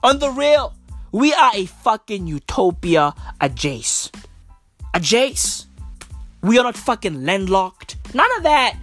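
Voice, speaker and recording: A woman's voice: on the high side, sing-song, unhurried, a bit bright, soft background music. A woman hosting a podcast, ranting casually in a brash, profane, emphatic way full of slang. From South Africa. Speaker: podcast host. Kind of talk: casual rant.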